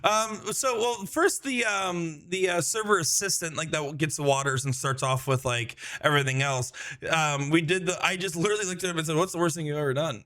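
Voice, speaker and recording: Casting note: animated male podcast co-host, high bright voice, lively storyteller who breaks into character voices. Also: brisk. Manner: animated, laughs often, acts out quotes in voices. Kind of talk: casual storytelling chat.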